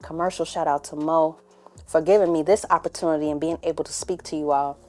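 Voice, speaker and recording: A young adult woman hosting her own podcast, talking candidly to the camera and sometimes dropping to a hushed murmur. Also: sits low, steady tone, fast talker, faint music behind. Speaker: podcast host. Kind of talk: casual emotional monologue to camera.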